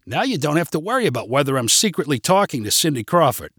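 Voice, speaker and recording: A man's voice: fairly high pitch, very animated, fast talker, fairly bright tone, husky, dry recording, studio quality, heavily acted. A man voicing a timid, sheepish middle-aged husband who pleads and makes excuses.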